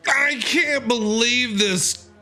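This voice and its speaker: A man's voice: very high-pitched, drawn-out words, pushed and bright, faint music behind. A man streamer reacting emotionally to a game's story, exclaiming and repeating himself. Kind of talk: casual game reaction commentary.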